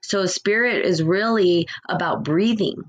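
Woman giving a relaxed spiritual talk. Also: fairly low pitch, measured pace, muffled recording. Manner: conversational, reflective, acts out quoted people. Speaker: spiritual teacher. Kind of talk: casual spiritual teaching.

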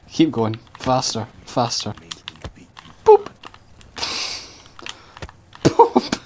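A man's voice: medium pitch, noisy background. Sweary, sarcastic gaming commentator man. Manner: sarcastic, sweary, laughing at the game. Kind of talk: let's-play commentary.

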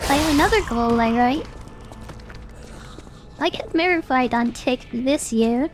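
Young female streamer, high-pitched, loose rambling chatter over quiet game music. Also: measured pace. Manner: rambling, many fillers. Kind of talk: casual gaming stream chat.

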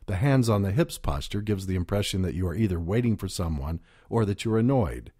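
A man reading a scripted instructional narration in a measured, clear voice, recorded on a close studio mic. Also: sits low, lively intonation, warm tone, dry recording.

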